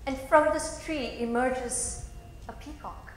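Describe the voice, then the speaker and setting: A woman's voice: sits high, slow pace, a little hiss or hum. A woman narrating a story expressively, in a dramatic storytelling style. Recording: very echoey hall.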